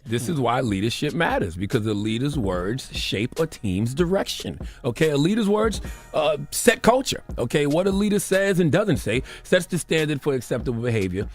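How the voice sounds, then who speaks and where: A man's voice: mid-range voice, very animated, moderate pace. Emphatic male radio host with a music bed. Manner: emphatic, digressive, peppered with "okay?". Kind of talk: radio commentary segment.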